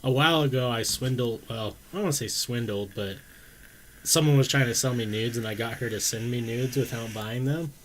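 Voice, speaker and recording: A man's voice: mid-range voice, brisk, slight background noise. A young man co-hosting a podcast, telling stories in a laid-back, amused way. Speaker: podcast co-host reading chat comments. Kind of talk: casual podcast chat.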